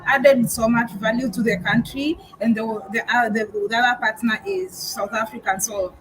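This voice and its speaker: Frank woman vlogger, higher voice. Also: fairly even intonation, moderate pace, a little hiss or hum, poor audio. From Kenya. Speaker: vlogger host on a live chat. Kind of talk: casual live-stream conversation.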